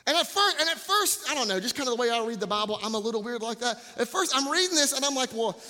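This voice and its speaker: A male campus pastor preaching a sermon in an animated, joking way, repeating words for emphasis. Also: extremely high pitch, quick pace, big-room sound.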